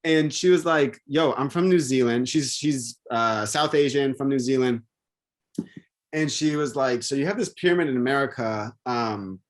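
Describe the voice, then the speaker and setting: A man in casual conversation, rambling and animated, with many restarts and fillers. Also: mid-range voice.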